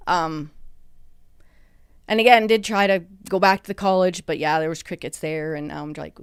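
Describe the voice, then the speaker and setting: A middle-aged woman, a podcast guest recounting a hard time in a halting, emotional way with many restarts. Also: lowish voice, fairly even intonation, clear, resonant tone, dry recording, studio quality. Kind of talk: personal interview. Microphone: studio microphone.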